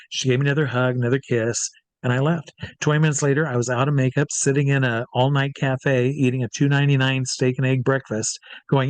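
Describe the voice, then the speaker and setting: A man, a drag performer and hypnotist, telling a lively anecdote as an interview guest, acting out the quoted voices and swearing freely. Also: mid-range voice, a little fast, no echo. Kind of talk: casual storytelling in an interview.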